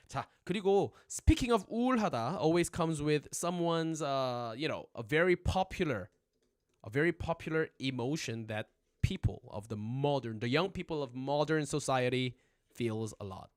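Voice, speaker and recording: A young man teaching a casual livestream language lesson, chatty and animated, always checking in with his viewers. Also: on the high side, fairly quick.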